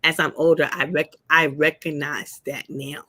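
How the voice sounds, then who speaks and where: A woman's voice: low voice, flat delivery, normal speed, bright, forceful tone, no room sound, studio quality. A woman co-hosting a talk show, telling a story in a playful, laughing way during a casual chat. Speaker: podcast co-host.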